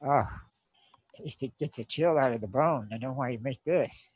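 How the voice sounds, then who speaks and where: A man's voice: mid-range voice, moderate pace, husky, no room sound, close to an everyday voice. A man voicing a young, London-born boy laborer who is cold and polite, rambling a little, in a tabletop game. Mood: polite, chilled. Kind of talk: tabletop role-play voicing. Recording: dull lo-fi mic.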